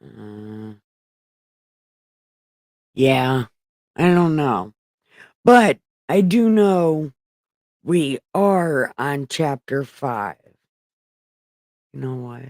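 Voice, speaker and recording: A woman's voice: a bass voice, expressive, drawn-out words, long pauses, a little mellow, no room sound. A woman casually reading the Bible on a livestream, stopping to correct herself, swearing in her paraphrases and rambling to her viewers. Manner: irreverent, swears while paraphrasing; rambling, self-correcting, talks to an empty chat. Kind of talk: casual live Bible reading with chatty asides.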